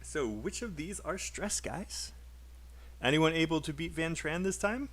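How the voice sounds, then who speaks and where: A man's voice: on the high side, animated, unhurried, fairly bright tone. A British man who teaches English in a live online class, upbeat and explaining, modelling sentences aloud for his students.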